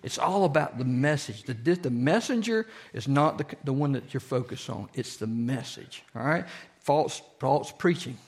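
A man's voice: medium pitch, lively intonation, normal speed. A man, a pastor teaching a sermon in a conversational way and often asking the congregation questions.

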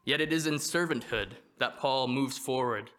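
Bright-voiced man preaching a sermon. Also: mid-range voice. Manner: measured, reads from a prepared text with slowed emphasis on quoted verses. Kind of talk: read sermon.

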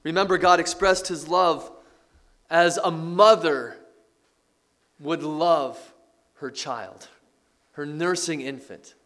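Male pastor, sermon delivery, higher register, slow emphatic phrasing. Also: a bit bright. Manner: preaching, drawn-out emphatic phrases.

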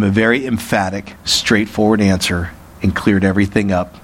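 A man's voice: lowish voice, steady tone, normal speed, slight background noise. Conversational man preaching a sermon. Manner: conversational, with frequent restarts and asides. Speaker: pastor. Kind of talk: sermon, verse-by-verse Bible teaching.

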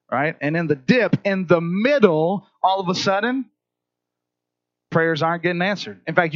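Preaching in a loose, conversational style, a male pastor with a notably high voice keeps asking his congregation "right?" and frequently restarts sentences. The recording is dull and lo-fi.

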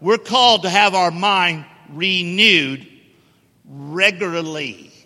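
A middle-aged man preaches with a high, sharply bright voice, pressing his points hard and teasing the congregation. The sound rings with long church hall reverb. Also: slow pace. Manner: emphatic, joking with the congregation. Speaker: guest preacher. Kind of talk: sermon. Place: church sanctuary.

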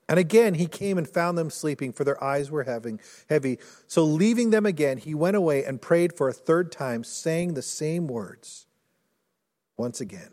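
A male pastor preaching a sermon in earnest, rising to intense storytelling and dropping low and soft. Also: lively intonation, moderate pace. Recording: long hall reverb.

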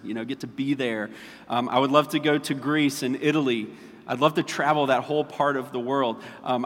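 A male pastor gives a relaxed, conversational sermon, often pausing to check that his congregation is following. His voice sits fairly high for a man. A long reverb from a large church hall trails each phrase. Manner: chatty, checks in with the audience often.

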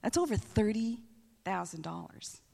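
A middle-aged woman giving a preached testimony, animated, moving between emphatic lines and hushed ones. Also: mid-range voice, normal speed, creaky. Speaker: church staff member giving testimony. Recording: long reverb of a large hall.

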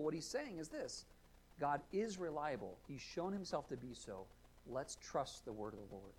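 A male pastor preaching a sermon, earnest, asking rhetorical questions, rising to emphatic points and dropping to quiet asides. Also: fairly high pitch, poor audio. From United States.

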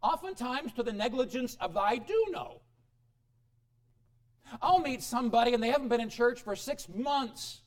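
Animated preacher man with a lively voice. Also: extremely high pitch, normal speed, long pauses. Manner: animated, swinging between loud exclamation and quiet asides. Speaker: pastor. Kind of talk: sermon. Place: church.

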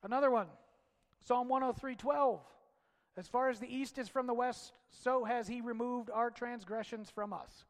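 Impassioned high-voiced male preacher. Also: steady tone, normal speed, long reverb tail. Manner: impassioned, swings from loud shouts to hushed low lines. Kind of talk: sermon.

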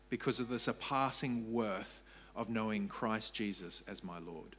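A man's voice: on the low side, a little slow, breathy edge. A man preaching a sermon as pastor, earnest and repeating key phrases for emphasis.

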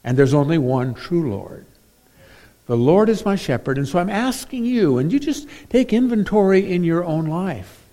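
A man preaching a sermon as pastor, emphatic, swinging between loud stressed phrases and quiet drops. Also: on the high side, animated, moderate pace.

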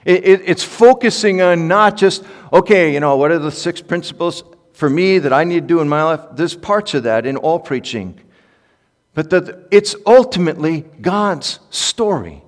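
Pastor guy giving a sermon, goes soft then gets loud and fired up, big echoey hall sound. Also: a little high, animated, moderate pace. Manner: swings from soft asides to loud impassioned peaks. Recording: echoey hall with long reverb.

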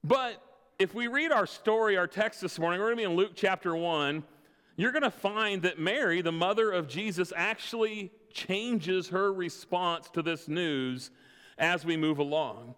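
A man's voice: high-pitched, normal speed, clean tone. A pastor in his thirties giving a sermon with personal stories and self-deprecating humor. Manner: storytelling, self-deprecating humor with quiet laughs. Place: church sanctuary. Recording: long reverb of a large hall.

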